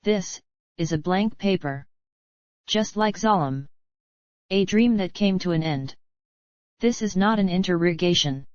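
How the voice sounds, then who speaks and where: A woman voicing a cruel, crude mayor who taunts a captive, in a slow screenplay reading. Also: on the low side, no echo, lightly acted. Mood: taunting. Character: cruel scheming mayor, mocking captor. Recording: dull lo-fi dry recording.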